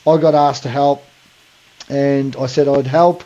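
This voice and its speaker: A man's voice: medium pitch, fairly even intonation, measured pace, warm tone, dull audio. An Australian man co-hosting a podcast, talking bluntly in casual chat and calling people mate. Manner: blunt, ranting, says mate a lot. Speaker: podcast co-host.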